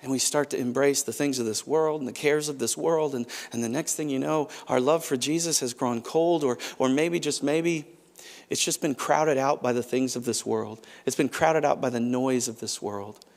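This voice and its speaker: A man preaching a sermon as pastor, moving between hushed, quiet stretches and loud, pressing passages, often restarting his phrases. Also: medium pitch, moderate pace. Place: large church auditorium.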